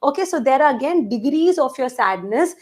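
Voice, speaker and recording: A woman's voice: sits high, animated, fairly quick, a little mellow. A woman teaching an online English vocabulary class for exam preparation, explaining words through everyday examples and asking the class questions, with a few Hindi words mixed in.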